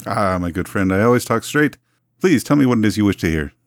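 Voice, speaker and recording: Deep-voiced florid showman, 1920s curator type, dry close sound voiced by a male player. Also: lively intonation, fairly quick, no room sound. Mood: suave. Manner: florid, long-winded, genteel phrasing. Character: pompous male 1920s museum owner, smooth-talking. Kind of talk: tabletop role-play in character.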